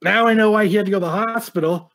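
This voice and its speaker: In casual chat, a man with a high, racing voice tells a story full of swearing, animatedly acting out the people involved.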